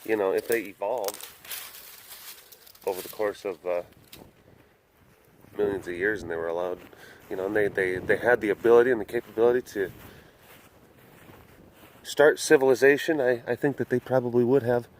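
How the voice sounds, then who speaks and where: A man's voice: lowish voice, steady tone, normal speed, pauses often, a little hiss or hum. A man casually talking to the camera and to big cats while walking around an animal compound, rambling and playful. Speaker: big cat facility vlogger. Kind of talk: casual walk-around commentary.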